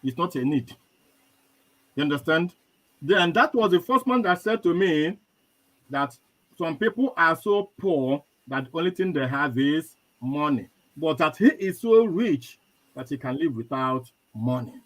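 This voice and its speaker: A man's voice: fairly high pitch, measured pace, poor audio. A young man with a Nigerian accent, a guest telling a life story with quoted dialogue in a live chat. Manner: animated storyteller, quotes others.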